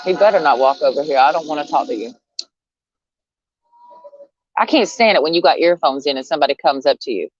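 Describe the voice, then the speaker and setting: Blunt, sarcastic low-voiced woman ranting. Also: animated, brisk, pauses often, no echo, soft background music. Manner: blunt, sarcastic, profane, laughing often. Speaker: vlogger. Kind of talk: casual rant to camera. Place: outdoors, sitting under a tree. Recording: dull, lo-fi sound.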